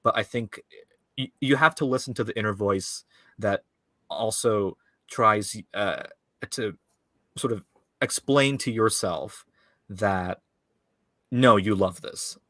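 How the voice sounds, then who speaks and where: A man's voice: on the low side, takes it slowly, pauses often, sharp tone, no echo, clean studio sound. A man, a filmmaker guest, chatting casually in an interview with lots of fillers, restarts and laughs. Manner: rambling, many fillers and restarts, laughs often.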